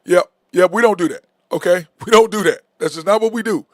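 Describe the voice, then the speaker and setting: A man's voice: high voice, a little fast, dry recording, studio quality. A man hosting a sports talk show, talking bluntly and with animation in casual sports chat. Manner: blunt, animated, says "okay?" and "bro" a lot.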